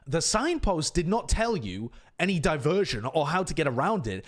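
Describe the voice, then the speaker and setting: A man's voice: a little high, normal speed, hardly any pauses. A man, a streamer, telling an exasperated casual story and voicing the people in it. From United Kingdom. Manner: animated, exasperated anecdote with voiced quotes.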